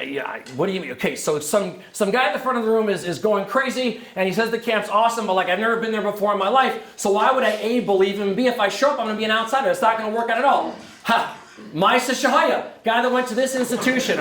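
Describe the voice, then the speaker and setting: A man giving an energetic, joking presentation to a room of prospective camp staff, often turning to the audience with questions. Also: very high-pitched. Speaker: camp director recruiting staff. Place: lecture room. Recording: roomy hall echo.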